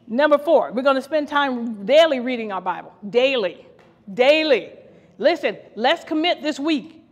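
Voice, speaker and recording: A woman's voice: high voice, lively intonation, moderate pace, dull audio. A woman co-pastor from Ohio preaching a fervent podcast sermon, repeating her phrases and laughing now and then. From Ohio, USA. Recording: long hall reverb.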